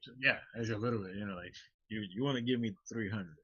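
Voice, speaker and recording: A man's voice: lowish voice, fast talker, a bit bright, slightly rough, no room sound. A man playing a tabletop game, hesitantly improvising his character's words, on a muffled lo-fi recording. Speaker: player. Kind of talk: casual role-play.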